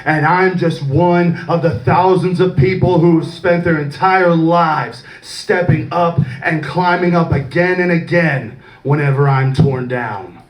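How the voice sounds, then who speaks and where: A man delivering an intense, shouted wrestling promo with a heavy rhythmic cadence. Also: fairly high pitch, a little slow, few pauses. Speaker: wrestling student. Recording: echoey room from far off.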